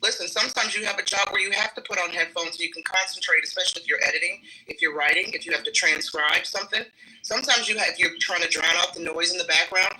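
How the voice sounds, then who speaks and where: A woman's voice: lowish voice, fast, sharp tone, rough recording. A woman on a live panel, speaking firmly as she reads and answers comments from the chat. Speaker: livestream panel guest.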